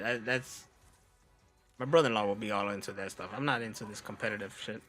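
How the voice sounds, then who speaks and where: A man's voice: on the low side, brisk, fairly bright tone, faint music behind. An American man streaming, chatting casually and profanely while reacting to videos, often laughing. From United States.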